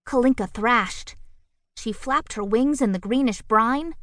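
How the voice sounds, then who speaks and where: A woman narrating a children's picture book audiobook with expressive, playful storytelling on a close studio mic. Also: medium pitch, measured pace, dry recording.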